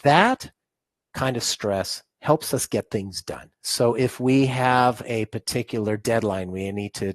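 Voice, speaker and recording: A man's voice: fairly low pitch, husky, no echo. A man guest in an interview, explaining his ideas on stress in a conversational way, with many restarts and fillers. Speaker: podcast guest, stress-relief author.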